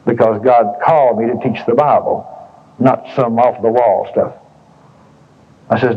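Heard on a dull lo-fi tape, a man with a mid-range voice preaches a little slowly, pausing often and keeping his intonation fairly even. His sermon is folksy and colloquial, built on repeated phrases and stories told to the congregation.

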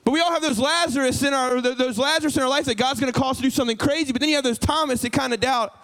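A pastor, preaching an animated sermon and acting out dialogue. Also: male voice, very high-pitched, very fast, low-quality recording.

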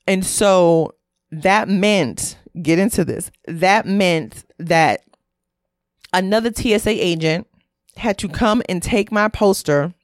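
A woman's voice: lowish voice, no room sound, clean studio sound. A woman telling a story in a casual monologue, candid and profane, full of "like" and asides. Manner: candid, profane, heavy use of "like".

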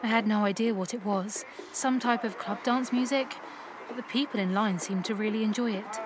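A woman reading a first-person erotic story aloud in a calm, even storytelling voice. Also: medium pitch, normal speed, background noise. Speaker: narrator.

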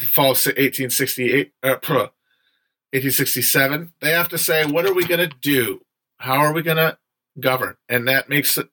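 A man's voice: fairly high pitch, pushed and bright. A young man hosting a casual livestream book discussion, chatty and digressive, with frequent fillers and some swearing.

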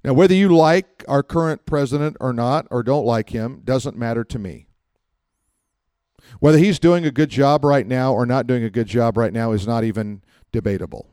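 A man's voice: mid-range voice, moderate pace, warm tone, dry recording, studio quality. A man preaching a conversational sermon as pastor, mixing plain talk with acted prayers and rising to emphatic fervor.

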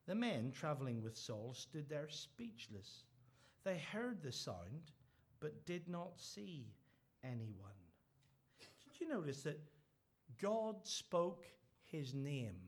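A middle-aged man delivers a sermon in a slightly high voice. He speaks earnestly and builds to emphatic, repeated phrases. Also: big pitch swings, takes it slowly, breathy edge. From Northern Ireland. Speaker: preacher.

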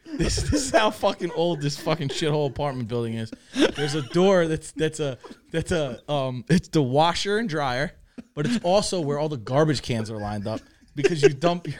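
A man's voice: a little high, animated, moderate pace. Profane man telling a crude story. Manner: laughs through his own story. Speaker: guest storyteller. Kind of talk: casual podcast chat.

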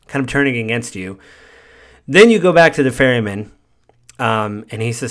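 A man's voice: mid-range voice, animated, moderate pace, a bit bright. A man hosting a podcast, casually recounting a video game's story in a meandering, conversational way. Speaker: podcast host.

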